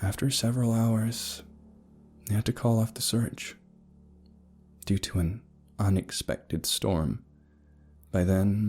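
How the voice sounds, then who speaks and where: A man's voice: low voice, dark tone, breathy edge. A man voicing a reflective woman recalling the past. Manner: plain, reflective storytelling. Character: grown woman recalling a childhood ordeal.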